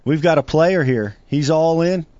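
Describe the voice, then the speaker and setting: A man's voice: on the high side, unhurried, mellow, dry recording. A male co-host talking upbeat, turning to address sponsors. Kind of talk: casual radio chat. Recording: slightly dull audio.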